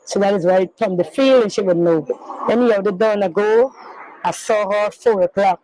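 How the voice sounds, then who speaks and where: A middle-aged woman, a grieving mother, telling her story in an interview in a halting, rambling way, repeating herself and using non-standard grammar. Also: medium pitch, mellow, no echo, rough recording. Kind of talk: emotional personal recounting in an interview.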